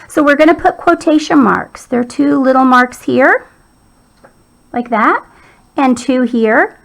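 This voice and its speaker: A woman's voice: high voice, animated, measured pace, gravelly, poor audio. A woman teacher patiently walking young children through a writing lesson.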